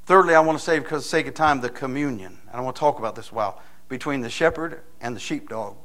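A man preaching a sermon in a folksy storytelling manner, building to loud, emphatic points. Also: medium pitch, animated, fast talker. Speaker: pastor.

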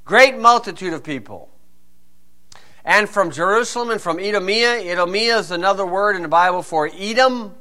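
A man's voice: sits high, expressive, normal speed, bright, forceful tone. A man teaching through Bible verses in a conversational way, asking rhetorical questions and telling personal stories.

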